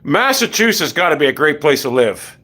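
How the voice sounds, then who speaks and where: A man's voice: a little high, very animated, fairly quick, sharp tone. A man chatting casually on stream, rambling bluntly from topic to topic and swearing freely. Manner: blunt, profane, wanders between topics.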